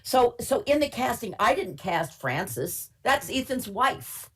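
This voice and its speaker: A woman's voice: on the high side, big pitch swings, slow pace, fairly bright tone, husky. An older woman from Minnesota, a casting director, tells stories from her work in a chatty, candid webinar interview, with wry humor and many fillers. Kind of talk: webinar interview, anecdotal storytelling.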